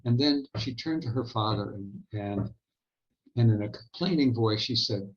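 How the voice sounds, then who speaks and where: A man with a fairly low voice delivers a conference keynote as an unhurried, reflective story. He pauses and hesitates often as he recalls the details. The recording sounds dull and lo-fi. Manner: measured, reflective, halting storytelling. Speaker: keynote speaker.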